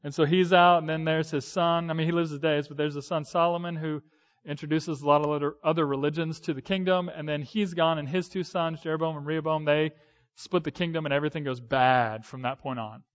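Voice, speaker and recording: A man's voice: fairly high pitch, fairly even intonation, fairly quick. A man in his thirties giving a conversational sermon, with hesitant fillers and restarts. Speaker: pastor. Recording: dull lo-fi sound.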